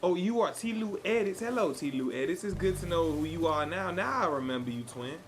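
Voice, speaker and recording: A man's voice: on the high side, animated, brisk, a little hiss or hum. A man from Chicago live-streaming a game and chatting with viewers in a playful put-on Southern cowboy drawl. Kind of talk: live gameplay stream chat.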